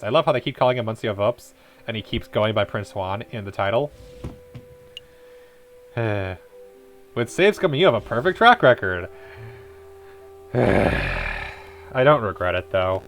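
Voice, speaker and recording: A man's voice: lowish voice, sing-song, unhurried, long pauses, fairly bright tone, soft background music. A man hosting a let's play, rambling in casual gameplay commentary and cutting himself off mid-thought. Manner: rambling, self-interrupting.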